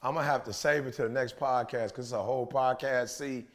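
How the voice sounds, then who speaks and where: A man's voice: mid-range voice, fairly even intonation, quick pace. A young man co-hosting a podcast, telling a story animatedly in slangy casual speech and laughing often. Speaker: podcast co-host.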